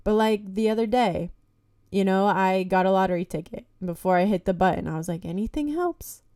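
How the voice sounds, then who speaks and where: Warm-voiced young woman, candid podcast host. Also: medium pitch, level tone, brisk, clean tone, dry recording, clean studio sound. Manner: candid, heavy swearing, frequent "like" and "you know"; encouraging, addresses listeners as "guys". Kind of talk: casual solo podcast talk.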